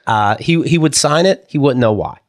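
A man hosting a podcast, talking in a deadpan, joking way in casual chat. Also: medium pitch, moderate pace. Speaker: podcast host.

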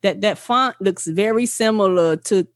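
A woman co-hosting a podcast in casual chat, talking in animated bursts with profanity and stammered restarts. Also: mid-range voice, moderate pace, no echo, clean studio sound. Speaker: podcast co-host.

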